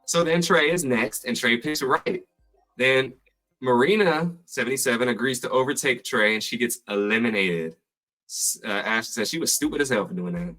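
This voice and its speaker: A man's voice: mid-range voice, normal speed, pushed and bright. A man hosting a podcast, recapping episodes from his notes in a chatty, playful way. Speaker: podcast host.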